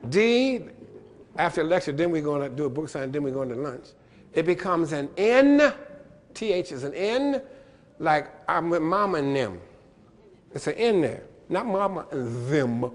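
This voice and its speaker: A man giving a lively lecture-style keynote address, playful and animated, spelling out letters and mimicking pronunciations. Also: a little high, moderate pace, in a large hall. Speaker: keynote speaker.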